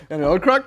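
A man's voice: bright, forceful tone, no echo, clean studio sound. A young adult man co-hosting a podcast, rambling and swearing a lot in casual chat. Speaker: podcast co-host.

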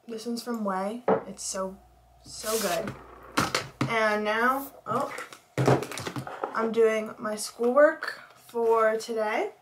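Young female vlogger, casual and self-deprecating, a touch high-pitched, home camera recording with faint noise. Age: young adult. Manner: rambling, self-deprecating, anxious. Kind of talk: casual vlog chat. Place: home, indoors.

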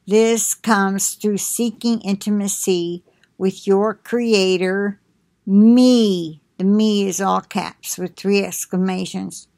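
Woman reading messages very slowly. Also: medium pitch, steady tone, gravelly, dark tone. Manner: very slow, deliberate reading, breaking into quicker explanatory asides. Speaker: reader of prophetic messages. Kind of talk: slow devotional reading with asides.

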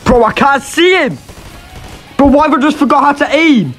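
A man's voice: very high voice, animated, normal speed, a bit bright, faint music behind. A young man giving swearing, exasperated, jokey commentary over his own gameplay. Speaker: gaming YouTuber.

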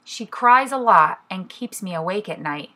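A drowsy young female rhino from a picture book, just woken and still half asleep, as a woman reads her aloud. She speaks slowly and tiredly. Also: medium pitch, lively intonation, pushed and bright. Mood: sleepy. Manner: drowsy, yawning.

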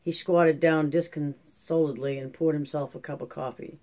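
An audiobook narrator reading a classic novel in steady, measured scripted narration. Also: medium pitch.

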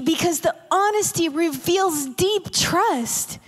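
Woman preacher, sermon, slow delivery, hushed whispers, reverberant church hall. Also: high voice. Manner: intimate, drops to whispers for emphasis.

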